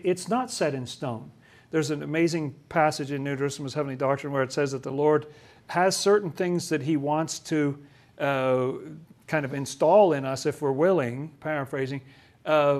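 A man giving a conversational talk on scripture, often acting out the voices of the people he quotes. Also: on the high side. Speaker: religious teacher.

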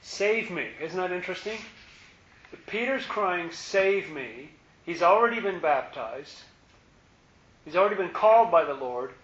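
A man's voice: sits high, normal speed, pauses often, a bit bright. A man leading a Bible study in a conversational way, repeating words and asking his listeners questions. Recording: echoey room, muffled lo-fi sound.

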